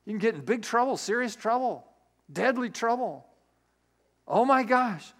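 A man's voice: extremely high pitch, lively intonation, measured pace, voice pushed up, full character voice. A man preacher voicing a startled young woman who frets and exclaims in disbelief. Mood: panicked. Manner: breathless, exclaiming, fretful. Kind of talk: sermon illustration acting.

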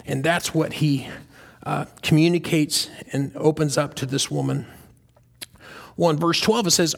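A man's voice: a little high, unhurried, gravelly, pauses often. A man preaching a sermon, earnest and questioning, with fillers and restarts. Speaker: pastor.

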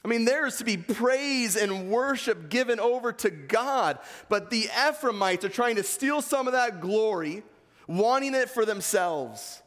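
A pastor with an East Coast American accent reads scripture and presses his points earnestly during a sermon. His high, fairly bright voice is expressive and unhurried, carried by a long hall reverb.

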